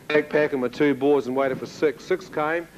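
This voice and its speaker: A middle-aged man giving a testimony, retelling events vividly with sudden shouts and chuckles. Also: on the high side, steady tone, normal speed, muffled recording, slight background noise. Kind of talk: dramatic storytelling to an audience.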